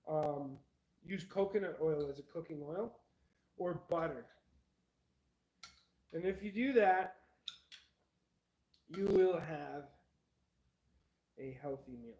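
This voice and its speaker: A man's voice: high-pitched, slow pace, pauses often, warm tone, low-quality recording. A man vlogging casually to camera at home, rambling and eating while he talks. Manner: rambling, eats while talking.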